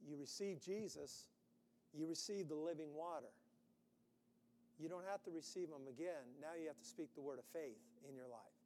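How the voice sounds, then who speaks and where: A man preaching a sermon, animated, acting out quotes with sudden loud bursts. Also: on the high side, moderate pace, big-room sound, slight background noise. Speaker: pastor.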